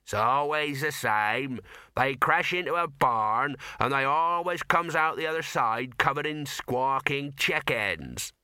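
A man's voice: medium pitch, animated, bright, forceful tone, clean tone, dry recording, studio quality. A man doing drawling old rustic farmers. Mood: dry. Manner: slow, drawling rustic speech. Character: slow rustic old farmers, dry and unhurried.

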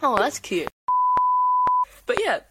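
A young woman hosting a casual podcast chat, telling stories excitedly and rambling with lots of "like". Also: a little high, takes it slowly, heavy background noise. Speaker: podcast host.

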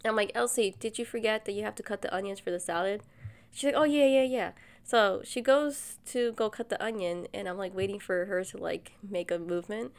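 A young woman in casual chat, telling stories animatedly and jumping into quoted voices. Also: a little fast. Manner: animated storyteller, jumps to high acted voices. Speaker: co-host.

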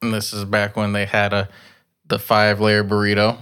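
A man's voice: on the low side, monotone, moderate pace, fairly bright tone, clear, resonant tone. A man co-hosting a podcast, telling stories in casual chat, laid-back and swearing freely. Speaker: podcast co-host.

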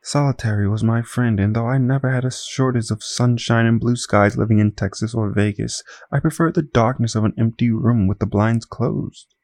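A man reading a first-person story aloud as an audiobook narrator, in a measured, reflective way. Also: mid-range voice, fairly even intonation, darkish tone, no echo.

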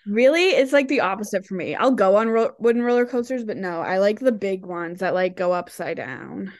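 A woman's voice: medium pitch, a little fast. A young woman co-hosting a podcast in laid-back casual chat, often chiming in with short replies. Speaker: podcast co-host.

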